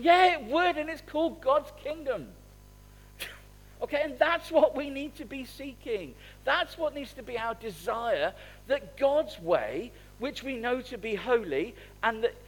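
Animated man preaching. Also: high-pitched, slight background noise, poor audio. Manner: animated, conversational preaching with wide swings in loudness. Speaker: pastor. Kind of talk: sermon.

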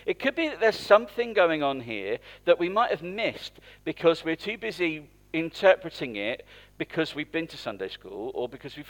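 A man's voice: a little high, a bit bright. A man preaching in church, speaking conversationally and asking the congregation questions. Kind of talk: interactive sermon.

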